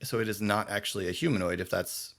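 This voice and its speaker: A man running a tabletop game as game master, his voice sitting a little low. He narrates in a halting way, with plenty of "uh" and "like" as he works out the scene. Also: a bit bright. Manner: halting, filler-laden narration.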